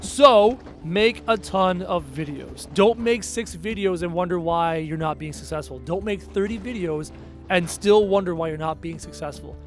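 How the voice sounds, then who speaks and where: At a normal speed and with soft music in the background, a high-pitched Canadian man chats while streaming a game. He's sarcastic and talkative, answering his viewers' chat out loud.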